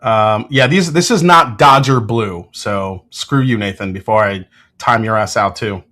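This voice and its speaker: A man's voice: on the low side, measured pace, bright, forceful tone. A man hosting a casual whiskey livestream, giving tasting notes, joking with chat and swearing freely.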